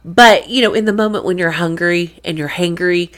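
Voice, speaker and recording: Middle-aged lady host, chatty faith show, bit low voice, tells her story all animated. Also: moderate pace. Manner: chatty, animated, acts out her own reactions. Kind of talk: casual storytelling monologue.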